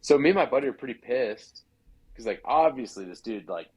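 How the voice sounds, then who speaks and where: A man's voice: medium pitch, animated, fairly quick, darkish tone, slightly rough, low-quality recording. A man from Idaho, a podcast guest, telling a hunting story in a chatty way full of "like" fillers. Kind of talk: casual storytelling.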